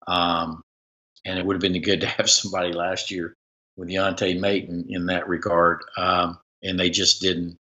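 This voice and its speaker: A man's voice: deep voice, flat delivery, normal speed, sharp tone, dull audio. A man hosting a casual live-stream chat as a sports reporter, rambling with many fillers and restarts.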